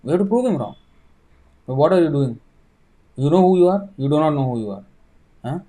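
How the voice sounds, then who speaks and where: A man's voice: a little high, animated, a little fast, warm tone. A man, a spiritual teacher answering viewer questions in a livestreamed sermon, emphatic and fond of rhetorical questions.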